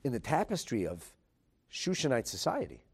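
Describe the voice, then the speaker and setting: Animated man teaching a Talmud class. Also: mid-range voice, normal speed, gravelly, husky. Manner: animated, emphatic, rhetorical questions; mixes in Hebrew and Aramaic terms.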